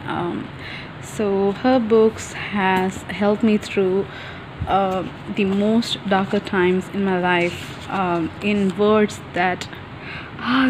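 A young woman gushing breathlessly in a home vlog, close to tears with excitement. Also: mid-range voice, a little hiss or hum, rough recording. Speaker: vlogger.

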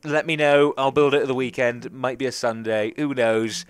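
A man's voice: medium pitch, flat delivery, moderate pace. Young English man, casual let's play commentary, rambling chatter, talks to himself. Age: young adult. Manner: chatty, rambling, self-talking. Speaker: gaming commentator.

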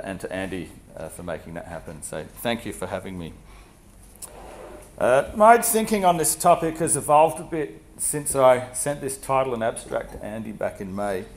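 A man with a husky voice from a cold, giving an academic seminar talk in a measured way with frequent fillers. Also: on the low side, slight background noise. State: has a cold, coughing. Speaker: guest lecturer.

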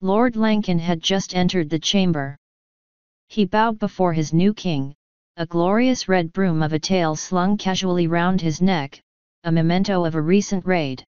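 Woman, audiobook narration, measured, very dry sound, dull lo-fi recording. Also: on the low side, a little mellow, smooth, no echo.

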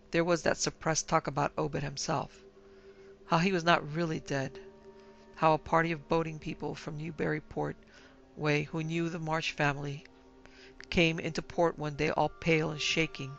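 Male narrator, horror reading, gravelly voice, fairly high, even and flat. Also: poor audio. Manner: measured, grave storytelling. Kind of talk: scripted horror story narration.

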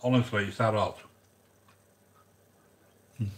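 A man's voice: on the low side, steady tone, slow pace. A man chatting casually while hosting a cooking vlog, rambling and joking and greeting viewers by name. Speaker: cooking channel host.

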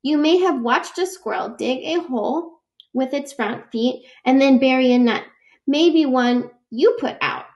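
A woman with a high voice reads a children's book aloud at an unhurried, careful pace. She explains each fact patiently and stops now and then for small personal asides. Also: a little mellow, dull audio. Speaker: read-aloud reader.

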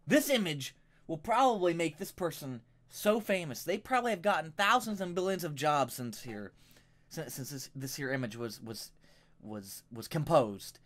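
Brief: ranting vlogger, foul-mouthed and fed up, pitch leaping all over, mic a bit distant. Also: animated, normal speed, fairly bright tone. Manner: profane, exasperated, rambling. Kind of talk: angry ranting commentary. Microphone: microphone a little way off.

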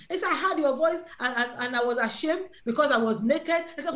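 A woman's voice: high-pitched, fairly quick, hardly any pauses, a bit bright. A woman leading a prayer call, preaching and acting out the voices of Bible figures. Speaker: prayer leader. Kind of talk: sermon on a prayer line.

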